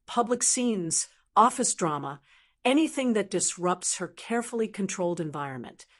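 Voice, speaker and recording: A woman narrating a scripted first-person story in a steady, measured way. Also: medium pitch.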